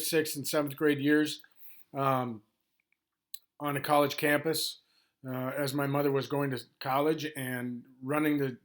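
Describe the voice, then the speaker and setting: A gravelly-voiced man in his sixties speaks a little high in pitch but stays flat, with little rise and fall. He rushes through an informal overview of history, covering gaps with ums and restarting sentences along the way.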